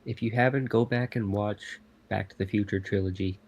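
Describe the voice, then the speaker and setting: A young man co-hosting a casual podcast chat, laid-back and making short, measured remarks. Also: lowish voice, steady tone, a little mellow, breathy edge, muffled recording. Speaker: podcast co-host.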